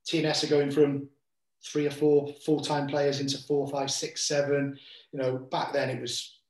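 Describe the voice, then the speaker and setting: Friendly host with a slightly high voice, roomy sound. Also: male voice, monotone, normal speed, a little mellow. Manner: friendly, prompting questions with many fillers. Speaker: podcast host, former teammate. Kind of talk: casual interview chat. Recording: roomy echo.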